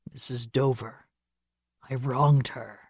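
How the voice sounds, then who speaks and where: A woman voicing a remorseful, guilt-ridden young man in an audiobook, speaking low, hushed and pained. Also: steady tone, takes it slowly, husky, dry recording, clean studio sound, exaggerated voice. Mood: anguished. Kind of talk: audiobook character reading.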